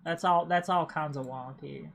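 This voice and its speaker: A woman's voice: deep voice, moderate pace, gravelly. A woman with an Appalachian accent from Appalachia, chatting casually on a livestream as a game streamer and rambling with stammered restarts and repeated words.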